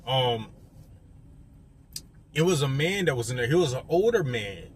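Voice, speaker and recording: Speaking unhurriedly with big swings in pitch around a medium register, a young man recounts a story straight to his audience. He's conversational and full of fillers, frequently addressing viewers directly, and there's slight background noise.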